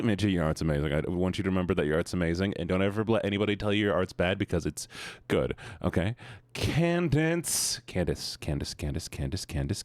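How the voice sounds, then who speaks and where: Playful low-voiced streamer man. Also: no room sound. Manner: playful, sing-song, teasing. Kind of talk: casual chat greeting viewers.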